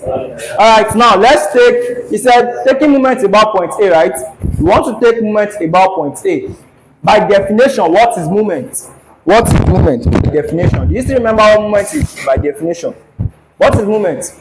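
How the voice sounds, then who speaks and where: High-voiced man teaching a class. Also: lively intonation, moderate pace, a little hiss or hum, poor audio. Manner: repeats questions for students to answer. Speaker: lecturer. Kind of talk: classroom engineering lecture. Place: classroom with a board.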